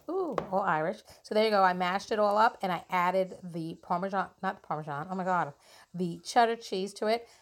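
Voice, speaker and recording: Chatty woman cooking at home, lower-pitched. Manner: chatty, with frequent ums and self-corrections. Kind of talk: casual cooking vlog. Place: home kitchen.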